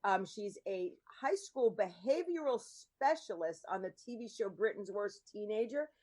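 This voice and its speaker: A woman's voice: mid-range voice, animated, moderate pace, darkish tone. A woman hosting a podcast, chatting in a rambling way with lots of ums. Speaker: podcast host. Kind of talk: casual chat.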